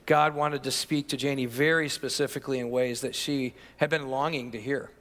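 A man's voice: medium pitch, steady tone, moderate pace, fairly bright tone. A middle-aged man preaching earnestly and reflectively from the pulpit. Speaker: pastor. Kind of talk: sermon. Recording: reverberant church hall.

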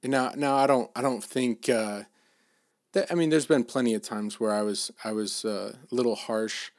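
Halting, casual middle-aged man preaching. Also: medium pitch, no echo, clean studio sound. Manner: casual, halting, many restarts and fillers. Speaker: dad giving a faith talk. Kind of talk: informal sermon.

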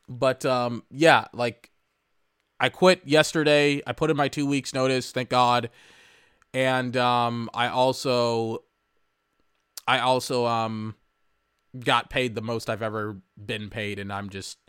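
Young man ranting on a podcast, bright and dry. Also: mid-range voice, normal speed, clean tone, no echo. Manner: exasperated ranting, swearing, bursts of shouting. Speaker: podcast host. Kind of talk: casual solo podcast rant.

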